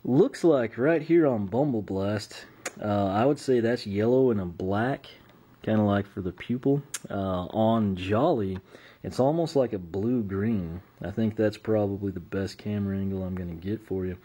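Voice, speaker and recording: A man with an American accent talks through a toy unboxing in a relaxed, rambling way. His voice sits low and husky, with a mellow, dark tone. He is losing his voice. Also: normal speed. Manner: relaxed and rambling, with frequent uh fillers. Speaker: toy reviewer. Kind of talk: casual unboxing commentary.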